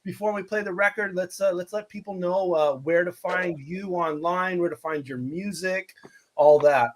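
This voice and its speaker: A man hosting a casual hip hop radio show, relaxed and encouraging as he asks his guest questions. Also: high voice, moderate pace, slight background noise. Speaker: radio host.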